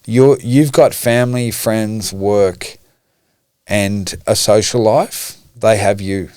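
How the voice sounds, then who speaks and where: A frank middle-aged man speaking candidly as a podcast guest, his voice sitting low. He swears freely and speaks with raw emotion. The sound is dry and close. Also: steady tone, slow, warm tone, clean tone, no echo. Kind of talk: candid conversation.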